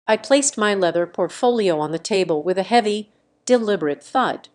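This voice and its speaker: A young woman in her twenties narrating a first-person story in a calm, measured, composed way. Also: mid-range voice. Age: 20s.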